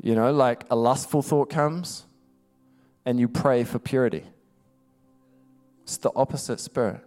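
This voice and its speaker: Male preacher, clear resonant tone, emphatic conversational delivery. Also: mid-range voice, mellow. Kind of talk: sermon.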